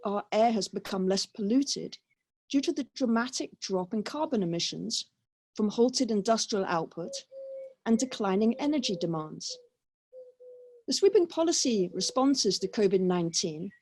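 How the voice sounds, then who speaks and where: A woman moderating a webinar, reading a measured, scripted introduction of a guest. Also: on the high side, darkish tone, no room sound. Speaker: co-host, moderator. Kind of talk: read-out introduction. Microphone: video call.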